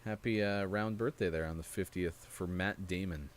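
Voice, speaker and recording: A man's voice: low-pitched, steady tone, moderate pace, slight background noise. A man hosting a gaming morning show, chatting casually and rambling with laughs. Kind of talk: casual chat. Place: studio.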